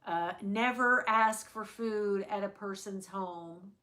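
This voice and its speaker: Chatty Southern woman, bright voice. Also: mid-range voice, slow. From American South. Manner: chatty, rambling, many restarts. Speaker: livestream host. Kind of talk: casual chat with live viewers.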